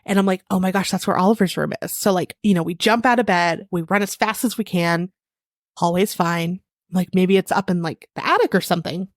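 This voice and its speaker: A woman co-hosting a podcast, telling stories in a playful, animated way. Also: on the low side, fairly quick, no echo, studio quality. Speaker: podcast co-host. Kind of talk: casual chat.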